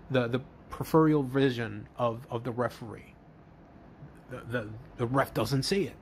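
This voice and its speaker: Slow, halting man telling a story. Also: medium pitch, a little hiss or hum. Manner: halting, repeats words, many restarts. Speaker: host, fantasy booker. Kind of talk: casual play-by-play storytelling.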